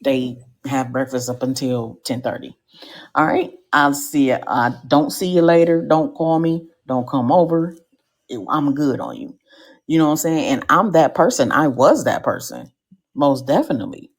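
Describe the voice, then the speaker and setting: Gravelly low-voiced woman telling stories. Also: normal speed. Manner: animated, slangy storytelling with comic asides to the audience. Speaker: podcast host. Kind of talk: live podcast storytelling. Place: live show stage.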